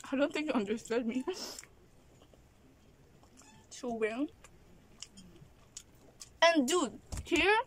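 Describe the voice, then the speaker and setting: A woman's voice: high voice, drawn-out words, long pauses, a little hiss or hum. A woman from the Philippines, venting in a casual vlog while chewing her food between exasperated remarks. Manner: exasperated ranting with frequent laughs. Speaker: vlogger. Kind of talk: casual eating vlog rant. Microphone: camera at an angle.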